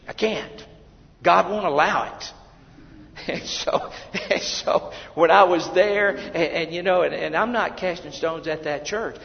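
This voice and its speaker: A man preaching a fervent sermon as pastor of a church, swinging from shouted lines to hushed asides. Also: a little high, unhurried, vocal fry, long pauses, a little hiss or hum. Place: church sanctuary. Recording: dull, lo-fi, with long hall reverb.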